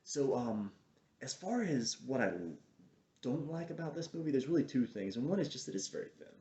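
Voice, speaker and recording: A man's voice: medium pitch, sing-song, normal speed, mellow. A man giving a casual, chatty film review, wandering off on tangents and trailing off as he hunts for titles. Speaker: movie reviewer. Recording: roomy, slightly dull lo-fi sound.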